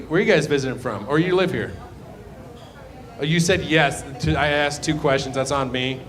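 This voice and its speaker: Brief: a comic working the crowd on a club stage mic, loose and rambling, voice a touch high. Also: male voice, fairly bright tone. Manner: loose, rambling, mumbles asides. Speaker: stand-up comedian. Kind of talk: stand-up crowd work. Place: comedy club.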